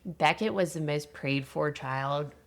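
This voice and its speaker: Low, gravelly-voiced woman telling her story. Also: measured pace, slight background noise. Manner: animated, candid, laughs often. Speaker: podcast guest. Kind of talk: personal storytelling in casual chat.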